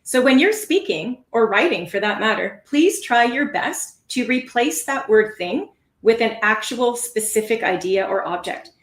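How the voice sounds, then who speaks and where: A woman giving a live online lesson on speaking skills, with a clear, encouraging teaching delivery. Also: a little high, animated, a little slow, roomy sound. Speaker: test prep instructor.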